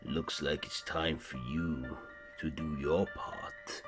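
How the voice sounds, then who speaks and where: A man's voice: rumbling low, fairly even intonation, slow, music in the background. A man reading as a sinister masked trick-or-treater. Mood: menacing.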